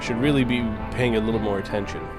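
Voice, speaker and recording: A man's voice: on the low side, quick pace, loud music behind the voice, low-quality recording. A man streaming a game live, chatting casually with viewers, joking, teasing and swearing freely.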